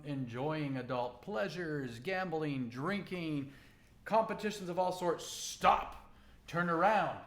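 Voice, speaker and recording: A man running a tabletop game as game master, narrating scenes and calling for rolls in an animated way. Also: high-pitched. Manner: animated, breaks into excited crowd voices.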